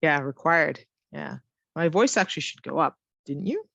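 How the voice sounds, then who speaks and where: A woman teaching an online English lesson who reads example sentences slowly and with exaggerated rising and falling intonation. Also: low-pitched, gravelly, sharp tone, no echo, lo-fi sound.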